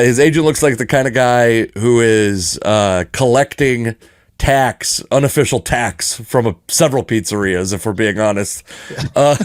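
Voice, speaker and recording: A man in an easygoing sports podcast chat, wandering through his points with restarts and little chuckles. His voice sits at a middle pitch, recorded dry and close with no room sound. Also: no echo. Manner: rambling, joking, frequent restarts and chuckles. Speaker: podcast co-host.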